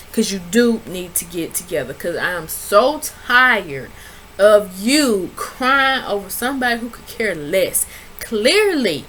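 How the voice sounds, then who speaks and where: A woman recapping a reality show in a casual vlog, telling it with sass and leaping up in pitch whenever she quotes people. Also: slight background noise. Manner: animated, sassy storytelling with big pitch jumps when quoting people. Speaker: reality TV reviewer.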